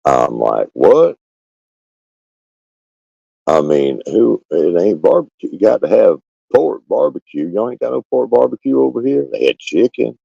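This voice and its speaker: A man's voice: fairly low pitch, big pitch swings, normal speed, vocal fry, warm tone, husky, dry recording, muffled recording. A man in casual chat as co-host, drawling and teasing.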